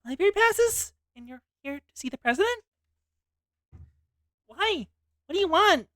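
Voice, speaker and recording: A woman streamer reading game dialogue aloud in an expressive way. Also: very high-pitched, a little slow, dry recording, studio quality.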